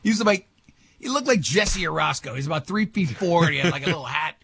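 An older man, a talk show host, telling a long story in casual chat, animated and laughing often. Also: a little high, quick pace, vocal fry, a crowd in the background.

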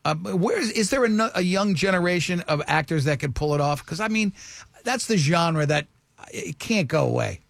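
A man in his sixties hosting a radio show, telling stories in an animated, excitable way. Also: sits high, moderate pace, gravelly, no echo. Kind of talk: casual chat. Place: radio studio.

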